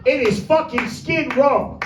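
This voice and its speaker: Male stand-up with a high voice. Crude, rambling crowd-work in a roomy, distant recording. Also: slow pace, very noisy. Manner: brash, vulgar, rambling with crowd asides. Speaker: stand-up comedian. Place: small comedy room with few people. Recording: echoey room, mic from a distance.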